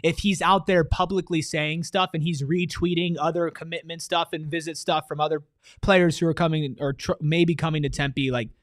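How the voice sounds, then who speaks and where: A man with a high voice argues his points on a sports show in a loose, emphatic, slangy way. The sound is dry and close, with no room around it. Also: steady tone, moderate pace, no echo. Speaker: sports podcast co-host. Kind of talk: casual sports talk.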